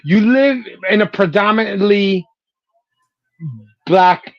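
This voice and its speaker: A man's voice: sits high, takes it slowly. A man co-hosting a sports podcast, speaking emphatically and making firm predictions. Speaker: podcast co-host. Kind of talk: casual sports talk. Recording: dry, dull lo-fi audio.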